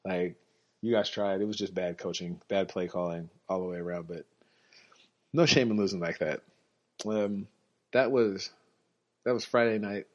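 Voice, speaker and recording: Man podcast host, low voice, loose rambling delivery, muffled home recording. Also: steady tone, moderate pace. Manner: rambling, self-correcting, quotes others in his own voice. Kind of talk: casual storytelling monologue. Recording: dull lo-fi recording.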